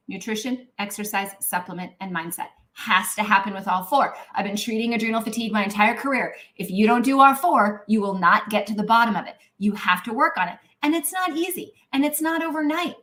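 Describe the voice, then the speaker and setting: A middle-aged woman, a naturopathic doctor, talking casually and animatedly in a live Q&A, with lots of "um" and "right?", now and then clearing her throat. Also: on the high side. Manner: chatty and animated, acts out inner voices; frequent "um" and "right?" tags.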